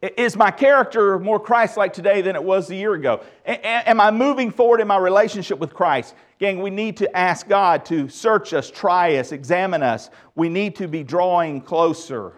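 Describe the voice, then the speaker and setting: A middle-aged man preaching a sermon as pastor, emphatic and lively with touches of humor. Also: sits high, brisk.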